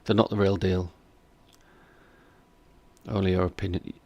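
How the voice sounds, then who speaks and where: A man's voice: sits low, little pitch movement, measured pace, mellow, muffled recording. A man hosting a reaction stream, chatting casually and skeptically while reading out viewer comments. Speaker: reaction video host.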